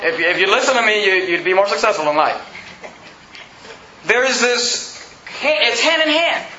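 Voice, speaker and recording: A man's voice: high voice, animated, normal speed, pushed and bright, a little hiss or hum. A pastor preaching a sermon emphatically, mocking his listeners with put-on quotes. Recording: roomy, slightly dull recording.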